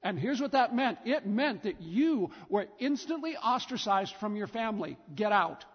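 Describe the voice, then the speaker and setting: A man's voice: very high-pitched, lively intonation, normal speed, slightly rough. A man preaching a sermon in a church, telling the story emphatically with lots of repetition. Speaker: pastor. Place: church sanctuary. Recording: dull recording with long church reverb.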